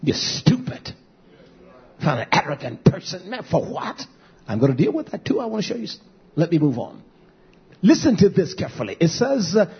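Husky male pastor, fiery sermon, high-ish voice, dull recording. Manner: preaching with big swings between shouting and low murmurs.

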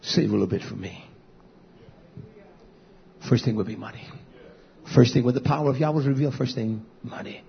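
A man preaching a fiery sermon as pastor, swinging between shouts and low murmurs. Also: normal speed, vocal fry, pauses often. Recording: dull lo-fi recording.

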